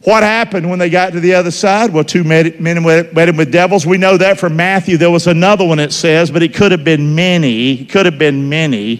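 A man preaching a sermon in a church, folksy, quizzing the congregation and swinging between loud and hushed. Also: fairly high pitch, brisk, hardly any pauses. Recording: reverberant church hall.

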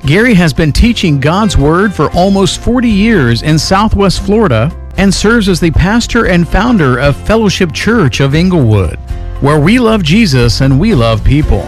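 A man giving a scripted, measured introduction for a radio ministry program. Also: high voice, sing-song, soft background music.

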